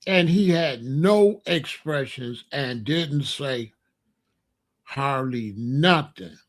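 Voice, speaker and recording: A man's voice: mid-range voice, expressive, drawn-out words. A man telling a street story in a repetitive, emphatic monologue. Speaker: podcast host.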